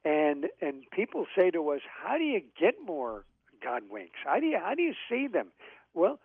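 A man's voice: fairly high pitch, huge pitch swings, moderate pace, husky, no echo. A man guest speaking earnestly and reflectively in a radio interview, with some hesitations. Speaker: guest author. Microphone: telephone. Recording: tinny phone line.

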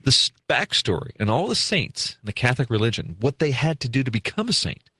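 A man hosting a call-in radio show from a makeshift studio, talking in a relaxed, conversational way. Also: medium pitch, fairly quick, slightly rough, no room sound. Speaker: radio talk show host.

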